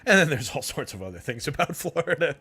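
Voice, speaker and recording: A man's voice: on the high side, big pitch swings, quick pace, pushed and bright, slightly rough. Chatty young man hosting a livestream. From New Jersey. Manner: rambling, chatty, laughs often, fillers. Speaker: fantasy sports stream host. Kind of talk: casual livestream chat.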